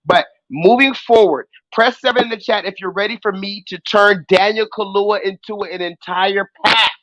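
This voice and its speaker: A young adult man hosting a live call-in stream, ranting loudly and profanely at the chat and mocking his target. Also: sits high, moderate pace, low-quality recording. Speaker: livestream host.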